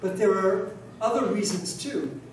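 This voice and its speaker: Speaking in a large conference hall, a man from New York City who teaches pronunciation circles back to restate his points in a conversational way, restarting often and projecting on purpose. His voice sits a little high, caught from afar with strong echo and faint background hiss.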